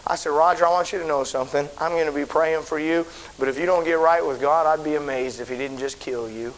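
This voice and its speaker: Casting note: middle-aged male pastor, folksy storyteller, slightly high voice, faint tape hiss. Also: fast talker, poor audio. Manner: folksy storytelling, swelling to shouted preaching. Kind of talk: sermon storytelling. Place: church auditorium.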